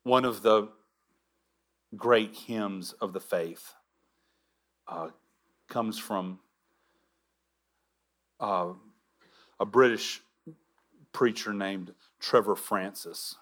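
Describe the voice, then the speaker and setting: A man preaching a sermon as pastor, earnest, with halting restarts and drops to a near whisper for emphasis. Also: lowish voice, fairly bright tone.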